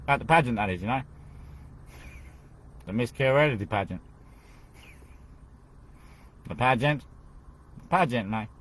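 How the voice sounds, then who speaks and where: A man's voice: medium pitch, expressive, normal speed, a bit bright, low-quality recording. A man hosting his own show, talking in a loose, rambling solo monologue. He repeats phrases over and over and keeps calling the listener "mate". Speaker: podcast host.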